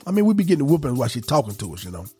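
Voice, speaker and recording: A man's voice: medium pitch, very animated, very fast, warm tone, husky, soft background music. A man hosting a podcast, preaching in a conversational, folksy way with emphatic repetition and casual asides.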